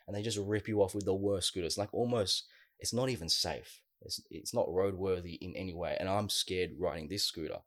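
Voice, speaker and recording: A man, co-hosting a casual podcast and telling a long story in a lively, filler-heavy way. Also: low voice, moderate pace, no room sound, clean studio sound. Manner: animated storyteller, many fillers. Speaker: podcast co-host.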